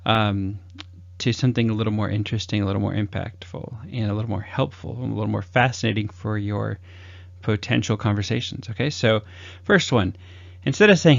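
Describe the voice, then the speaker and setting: Gravelly low-voiced man giving casual advice. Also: fairly even intonation, fairly quick, dry recording. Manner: loose and chatty, many fillers, acts out upbeat sample greetings. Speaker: communication advice host. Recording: dull lo-fi dry recording.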